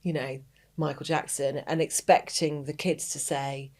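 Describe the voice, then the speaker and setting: A woman's voice: low voice, steady tone, unhurried, a little mellow. A woman hosting a podcast, telling stories in an earnest, reflective way. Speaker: podcast host. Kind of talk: casual podcast conversation.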